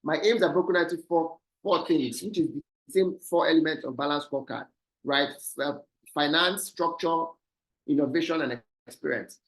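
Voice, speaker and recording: A man with a Nigerian accent giving a fast online business presentation, often ending points with "right?". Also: on the high side, rough recording. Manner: fast, repeats "right?" as a tag. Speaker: guest speaker. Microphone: video call.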